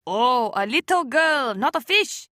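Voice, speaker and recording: A woman voicing a grown fisherman who has just climbed out of the water, speaking slowly and teasingly. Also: sits high, animated, sharp tone, dry recording, studio quality, heavily acted. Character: grown man fisherman, dripping wet, rough, mocking.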